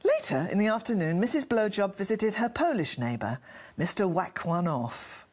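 A woman's voice: mid-range voice, sing-song, moderate pace, a little mellow, slight background noise. A woman reading a crude comic story aloud in a mock-innocent storybook manner.

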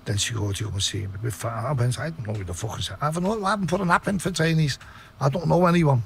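A man's voice: fast, gravelly, slight background noise. A middle-aged man with a Liverpool accent, telling his story in a blunt, sweary interview. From Liverpool, England. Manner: blunt, sweary, low-voiced retelling. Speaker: podcast guest.

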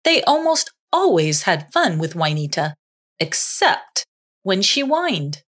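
A woman narrating a children's story in a slow, expressive reading voice. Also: fairly low pitch, breathy edge.

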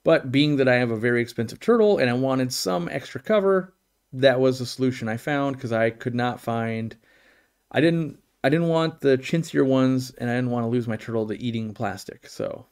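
A man's voice: medium pitch, moderate pace, a little mellow. A middle-aged man hosting a live stream, answering viewer questions in a blunt, opinionated, rambling way with many restarts. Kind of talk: casual live Q&A chat.

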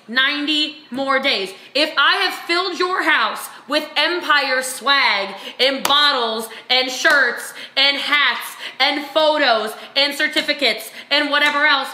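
A woman with a very bright, ringing voice pitched high for a woman delivers an energetic motivational talk as a business coach. She is emphatic and drives her points home by repeating phrases. The sound carries the echo of a reverberant room. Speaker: business coach and vlog host.

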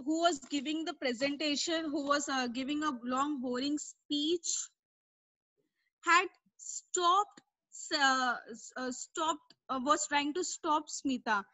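Woman teaching a lesson, high voice, slow and careful, dry close sound. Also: bright, forceful tone, dry recording, poor audio. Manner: explains word meanings patiently, repeating herself. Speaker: English teacher. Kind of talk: online class lesson explaining a story.

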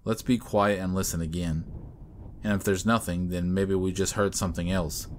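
A man with a deep voice voicing an irritable, impatient young male hunter who snaps and raises his voice. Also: fairly even intonation, moderate pace, slight background noise, lightly acted. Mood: uneasy.

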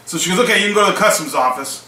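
A small online seller who vlogs tells a story casually, playing both sides of the conversations he recalls. His high-pitched voice is animated, bright and forceful, and he speaks rapid-fire. The recording has an echoey room, a distant mic and a faint hiss.

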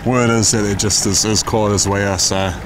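A man's voice: on the low side, steady tone, normal speed, loud music behind the voice. A man angler on a fishing boat, making dry joking remarks in casual banter. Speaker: angler on the team.

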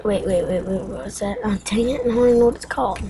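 A woman's voice: medium pitch, quick pace, crowd noise, poor audio. A woman giving let's play commentary, rambling and mocking herself, with sudden yelps and screams. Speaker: game player.

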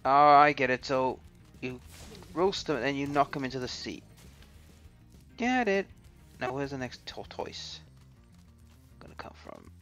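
Casting: let's-play host, lively swoops in pitch, light game music behind. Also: male voice, unhurried, gravelly, pauses often. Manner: chatty, talks to game characters, mild swearing. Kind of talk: casual gameplay commentary.

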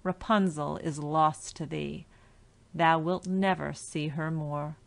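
A woman reading a fairy-tale audiobook and voicing a wicked old enchantress in loud, scornful outbursts. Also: deep voice, fairly even intonation, slow, vocal fry, full character voice. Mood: mocking.

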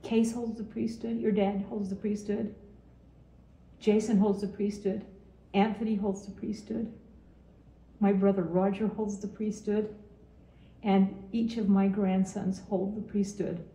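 A woman's voice: mid-range voice, flat delivery, a little slow, warm tone, echoey room, low-quality recording. A woman in her seventies from Utah, giving a heartfelt farewell message to her grandson, earnest and often repeating her phrases. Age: 70s.

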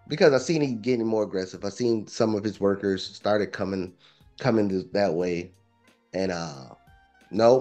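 A man's voice: on the low side, darkish tone. Laid-back man telling a story. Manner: laid-back, informal, repeats phrases. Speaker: property investor guest. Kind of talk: casual storytelling interview.

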